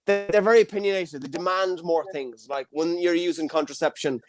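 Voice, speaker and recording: A man's voice: on the high side, a little fast, no room sound, faint music behind. A young Irish man hosting an online comedy show over a video call, rambling and cheeky in a self-deprecating stand-up set. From Ireland. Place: home, streamed online.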